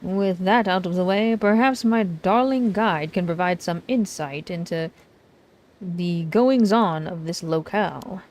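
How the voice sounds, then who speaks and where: A woman voicing a flamboyant, grandiose male fantasy author, reading his lines in a loud, theatrical, pompous way. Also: on the low side, measured pace, close to an everyday voice.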